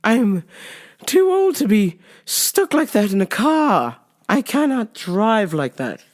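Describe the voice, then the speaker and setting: A woman putting on the voice of her older mother, a fussy, theatrical lady who speaks in a very high, sing-song voice. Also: big pitch swings, slow. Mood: protesting.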